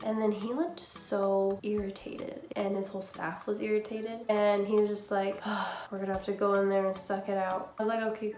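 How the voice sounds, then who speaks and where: A woman's voice: medium pitch, a little hiss or hum. Candid young woman vlogger, roomy echo. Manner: candid, exasperated, swears freely. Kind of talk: casual storytime chat.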